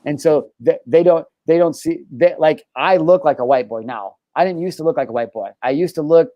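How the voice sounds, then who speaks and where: A man's voice: a little high, brisk, dry recording, dull audio. A man hosting a podcast, talking candidly and emphatically, swearing often and restarting his sentences. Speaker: show host.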